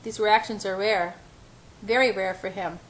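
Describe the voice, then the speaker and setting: A woman reading the lines of a fragile, unhinged young woman who murmurs in a soft, childlike sing-song. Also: medium pitch, fairly even intonation, measured pace, natural voice, low-quality recording. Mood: murmuring.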